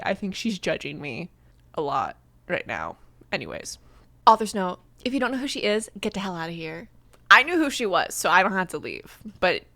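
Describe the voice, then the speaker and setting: A young woman, a YouTuber, reads a fanfic aloud and throws in sarcastic, playful comedic asides. Her voice is medium-pitched and a little bright, recorded dry.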